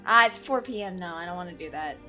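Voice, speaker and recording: A woman's voice: lowish voice, animated, fast talker, sharp tone, faint music behind. A woman streamer chatting casually with her viewers during a game stream, blunt and swearing freely. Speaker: VTuber streamer.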